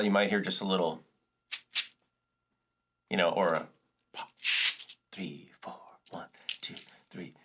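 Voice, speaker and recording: Medium-pitched and a bit bright, this man walks through percussion and chords in a laid-back lesson. He takes it one step at a time, casually fixing his own slips along the way.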